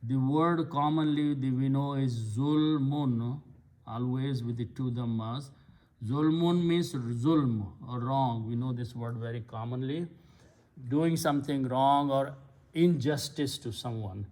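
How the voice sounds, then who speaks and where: Slow, patient man teaching Arabic grammar. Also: medium pitch, dark tone. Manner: patient, spells out roots and grammar step by step. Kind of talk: slow explanatory lecture.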